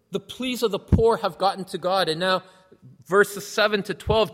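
A man's voice: sits high, a bit bright. A man preaching a sermon, explaining a scripture passage in an earnest, teaching manner. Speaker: pastor. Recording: long hall reverb.

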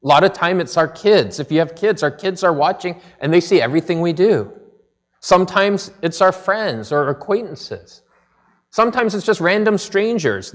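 A man, a pastor, delivering a sermon in a conversational, storytelling manner. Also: high-pitched.

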